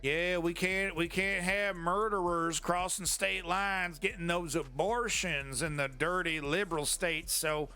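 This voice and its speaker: A man's voice: sits high, steady tone, measured pace, few pauses, bright, forceful tone, clean tone, faint music behind, full character voice. A man voicing a creepy male small-town cop who keeps apologizing in a drawling, mock-polite way. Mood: mock-apologetic.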